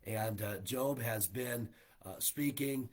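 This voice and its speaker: A man's voice: medium pitch, slow pace. A man leading a livestreamed Bible study as pastor, in a folksy way, with many fillers, putting scripture into plain, everyday speech. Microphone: livestream setup.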